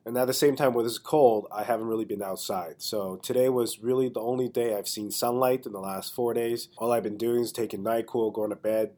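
A congested man with a somewhat low voice tells a loose, chatty story as the host of his own podcast. His head cold clogs every word, and he keeps sliding in easy asides as he talks. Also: darkish tone. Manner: chatty, loose, with frequent "you know" asides. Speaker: podcast host and stand-up comedian. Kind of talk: casual storytelling monologue.

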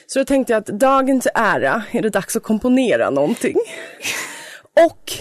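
Giggly woman co-host, lively voice. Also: a little high, normal speed, no room sound, clean studio sound. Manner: giggly, self-mocking. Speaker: podcast co-host. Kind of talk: casual chat and reading her own fan fiction aloud.

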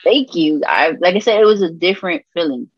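A woman from Puerto Rico, a gospel rapper sharing her testimony as an interview guest, telling stories in lively slang and acting out the people she quotes. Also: lowish voice, brisk, husky, muffled recording. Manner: animated storytelling with slang and voiced quotes. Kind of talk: candid conversational testimony.

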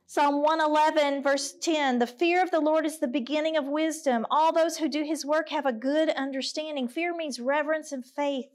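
High-voiced woman preaching to women. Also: fairly even intonation, moderate pace, few pauses. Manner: direct, candid and earnest. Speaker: women's ministry speaker. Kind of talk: conversational sermon with scripture reading.

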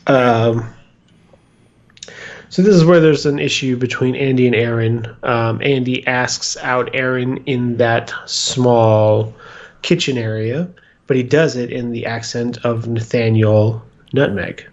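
A man's voice: medium pitch, steady tone, takes it slowly, muffled recording. A man from the American North co-hosting a podcast, recapping an episode with dry, wry jokes and plenty of ums. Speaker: podcast co-host. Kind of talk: casual chat, recapping an episode.

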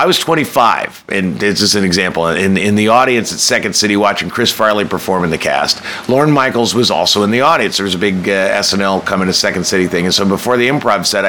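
A man's voice: fairly low pitch, bright, forceful tone, a little hiss or hum. A man telling a candid, self-mocking personal story, swearing freely and breaking into sudden emphatic bursts.

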